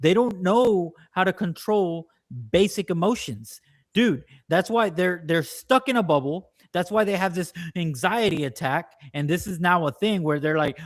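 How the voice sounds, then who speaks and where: A man co-hosting a casual political podcast, ranting at length and mimicking people in quick quoted asides. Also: sits high. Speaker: podcast co-host.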